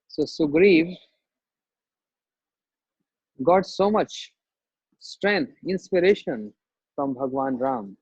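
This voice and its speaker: A man's voice: a little high, husky, no room sound. A man, telling a sacred story as a spiritual teacher and acting out its voices. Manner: slow, acts out the story's voices. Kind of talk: storytelling sermon. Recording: dull, dry lo-fi recording.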